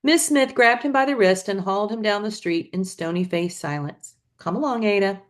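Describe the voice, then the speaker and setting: A woman teacher reading a novel aloud to students with expressive storytelling. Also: medium pitch, normal speed. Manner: expressive storytelling, adds asides.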